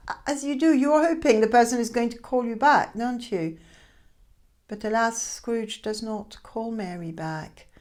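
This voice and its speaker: A woman telling a classic tale aloud in a chatty, expressive way with hesitant asides. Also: mid-range voice. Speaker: storyteller. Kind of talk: informal oral storytelling.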